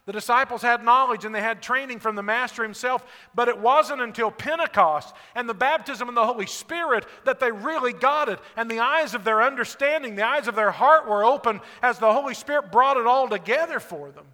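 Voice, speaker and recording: A fervent male pastor with a strikingly high, bright voice preaches in a church sanctuary. He swings from quiet, intimate stretches to ringing, near-shouted exhortations. A long reverb trails each phrase through the hall. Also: a little fast. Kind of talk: sermon.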